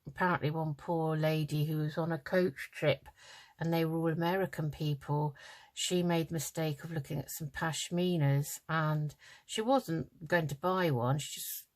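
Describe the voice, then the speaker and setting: An older British woman with a low voice chats casually while working on a collage at her craft table for her craft vlog. She speaks at normal speed with fairly even intonation, rambling with plenty of ums and yawning as though tired.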